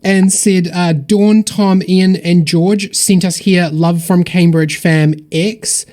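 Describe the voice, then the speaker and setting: Guy with a slightly high voice reading donor shoutouts on a charity stream, upbeat, rambly. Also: steady tone, slow. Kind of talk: casual livestream donation shout-outs.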